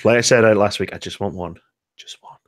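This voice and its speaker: Quick, low-voiced podcast co-host. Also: male voice. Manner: easygoing, self-deprecating. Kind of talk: casual gaming podcast chat.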